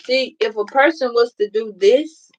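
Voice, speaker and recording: A woman's voice: on the high side, measured pace, highs cut off. Blunt, profane woman doing a tarot reading. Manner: blunt, profane, emphatic, addresses viewers directly. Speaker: tarot reader. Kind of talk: casual tarot reading to viewers.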